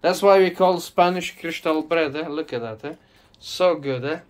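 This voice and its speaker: A fairly high-pitched man talks at a moderate pace while enthusiastically hosting a casual home cooking video. Originally from Madeira, Portugal, with Portuguese as his first language, he repeatedly drops in the tag question "eh?".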